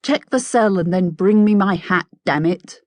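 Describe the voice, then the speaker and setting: A woman's voice: mid-range voice, unhurried, a little mellow, dry recording, pitched above the performer's own voice, lightly acted. A woman voicing a mad, sing-songy male hatter with an unhinged, wheedling manner in an audiobook. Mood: petulant. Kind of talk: audiobook character voice.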